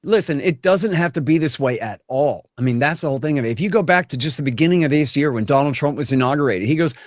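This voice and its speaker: A man with a fairly high voice gives blunt, emphatic political commentary as an interview guest. He sounds opinionated and forceful. The recording is dry and close. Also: lively intonation, quick pace, dry recording.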